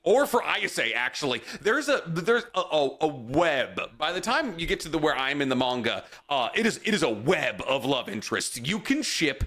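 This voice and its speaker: A man's voice: a little high, sing-song, moderate pace, hardly any pauses, fairly bright tone. A man co-hosting a casual podcast, joking and swearing freely as he chats. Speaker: podcast co-host.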